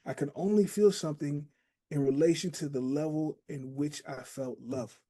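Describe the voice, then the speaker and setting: A man hosting a relaxed podcast chat, his voice a bit higher than most men's but mellow and warm. He muses aloud, circling back to his point through everyday comparisons and small stories. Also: moderate pace. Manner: reflective, storytelling with homely analogies. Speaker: podcast host. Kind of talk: casual conversation.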